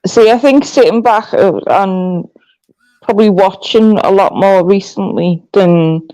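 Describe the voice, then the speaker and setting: A woman with a Scouse accent hosting a livestream, chatting casually, blunt and sweary with a quick laugh. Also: mid-range voice, mellow, no room sound, rough recording. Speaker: livestream host. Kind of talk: casual chat.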